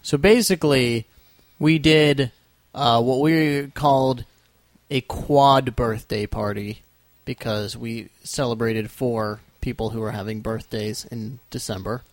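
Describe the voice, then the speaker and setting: A young man hosts a chatty podcast, rambling through a joking story. His voice sits at an ordinary pitch and sounds dry and close, with no room around it. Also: fairly even intonation, slow, dry recording. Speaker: podcast host. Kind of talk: casual chat.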